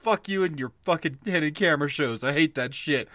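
A man's voice: on the high side, brisk, hardly any pauses, sharp tone, no echo, clean studio sound. A man co-hosting a podcast in casual chat, ranting with lots of swearing and breaking into giggles. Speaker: podcast co-host.

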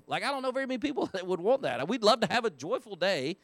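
Male Sunday school teacher, slightly high voice, conversational, dry close sound. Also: sing-song, rapid-fire, few pauses, fairly bright tone, dry recording. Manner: conversational, asks the class questions. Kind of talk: Sunday school Bible lesson. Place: church classroom.

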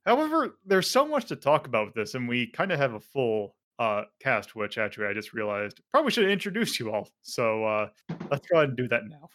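A man's voice: mid-range voice, wildly swooping pitch, a little fast, fairly bright tone. Rambling, casual male podcast host. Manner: rambling, many fillers and self-corrections.

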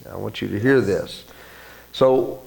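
A man's voice: a little slow, creaky, darkish tone. Earnest man preaching a sermon. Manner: earnest preaching with many fillers and restarts, rising in pitch when stressing points. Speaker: pastor.

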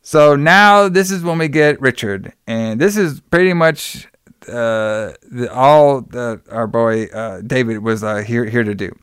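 A man casually recaps a film for his podcast listeners, rambling, swearing, and laughing as he acts out the characters' lines. His voice is smooth, clear, and fairly bright at an ordinary pitch, and he talks a little slowly. The recording is dry and close.

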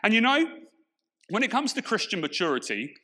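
A man's voice: sits high, sing-song, brisk, sharp tone. A man from Portsmouth with an English accent, preaching a sermon with emphatic rhetorical questions. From Portsmouth, England. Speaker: pastor.

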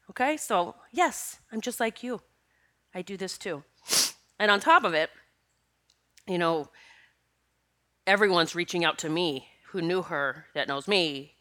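A woman's voice: lowish voice, sharp tone. A middle-aged woman hosting a casual spiritual podcast, tearful and sniffling, talking in an emotional, rambling way with bursts of laughter. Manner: emotional, rambling, breaks into laughter between tears. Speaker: podcast host.

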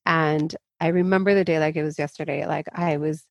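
A woman fitness coach speaks as a guest in an interview, frank and emphatic, often pushing ahead in quick rushes. Her voice sits on the low side for a woman. The recording is dry, with almost no room sound. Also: fairly even intonation, vocal fry, no room sound, dull audio. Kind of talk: candid interview talk.

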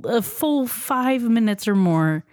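A woman's voice: a little high, expressive, slow, darkish tone, dry recording. Woman, 30s, dry close recording, casual podcast co-host, teasing, tired. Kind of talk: casual chat.

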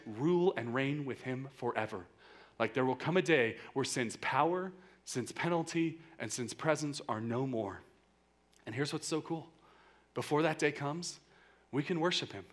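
A man in his thirties giving a conversational, earnest youth sermon, often saying "like" and swinging between quiet, intimate lines and loud, emphatic bursts. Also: medium pitch. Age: 30s. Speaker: youth pastor.

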